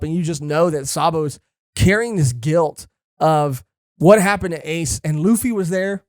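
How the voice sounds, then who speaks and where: A man co-hosting a podcast, chatting casually, excitable and profane, rambling with lots of fillers. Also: on the high side, a little slow, dry recording, clean studio sound. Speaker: podcast co-host. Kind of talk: casual chat.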